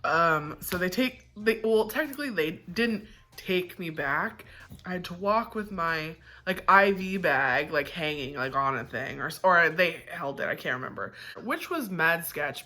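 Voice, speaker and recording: Bright-voiced woman telling a candid story. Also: low-pitched, normal speed. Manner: candid, profane, chatty. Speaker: vlogger. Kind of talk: casual storytelling.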